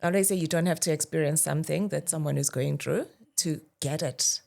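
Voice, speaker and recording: A woman's voice: low voice, fairly quick, creaky, darkish tone. A South African woman hosting a podcast interview, speaking with empathy and backing up her guest with frequent affirming murmurs. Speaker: host.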